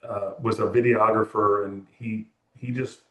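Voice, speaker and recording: A low-pitched man from California talking as an interview guest, winding through anecdotes and acting out what others said. His voice sits in a roomy, echoing space. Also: flat delivery, unhurried, sharp tone. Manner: rambling, anecdotal, acts out quoted dialogue. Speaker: music photographer, guest. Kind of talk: relaxed interview storytelling. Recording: roomy echo.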